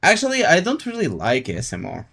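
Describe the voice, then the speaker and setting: A man's voice: fairly high pitch, huge pitch swings, fast talker, vocal fry, fairly bright tone, breathy edge. A male livestreamer chatting casually with his audience, laid-back and jokey, reacting to chat with laughs. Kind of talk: casual live-stream chat.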